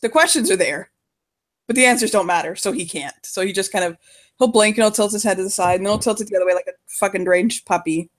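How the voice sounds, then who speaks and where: Woman role-player, mid-pitched, foul-mouthed, quick to laugh. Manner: swears freely, lively narration, frequent laughter. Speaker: role-play partner narrating characters. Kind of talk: casual tabletop role-play.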